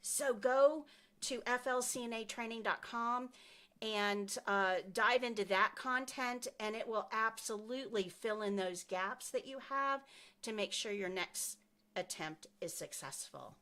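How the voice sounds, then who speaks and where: A woman's voice: on the high side, a little slow, a bit bright. A woman who teaches nursing assistants, chatting upbeat with viewers on a live stream and answering their comments. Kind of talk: casual live stream chat.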